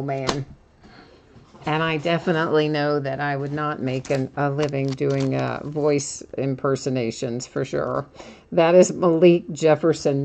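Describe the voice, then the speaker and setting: A woman with a low, unhurried voice hosts a live card break. She chats casually with viewers and laughs easily as she reads out each pull. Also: gravelly, a little mellow, slight background noise. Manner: chatty, laughs often, reads out cards. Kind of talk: casual live-stream commentary.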